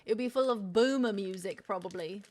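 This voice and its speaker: A woman's voice: mid-range voice, brisk, darkish tone. Chatty woman streamer tasting snacks. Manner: chatty and self-mocking, with frequent swearing. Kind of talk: casual chat while taste-testing snacks.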